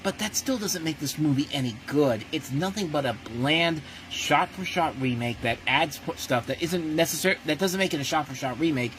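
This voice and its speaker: A man's voice: a little high, normal speed, few pauses, a bit bright, slight background noise, poor audio. A man giving a casual spoken movie review as host, blunt and ranting, often breaking off and restarting his sentences.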